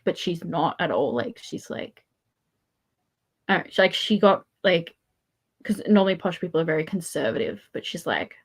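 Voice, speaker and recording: A woman chatting casually, telling stories and laughing often. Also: fairly low pitch. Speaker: podcast host. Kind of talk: casual chat.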